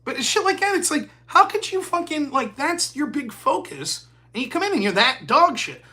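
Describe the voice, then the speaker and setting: A man's voice: very high-pitched, sing-song, moderate pace, pushed and bright. A man of forty hosting a live stream, talking in a profane, heated rant. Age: 40s. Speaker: host.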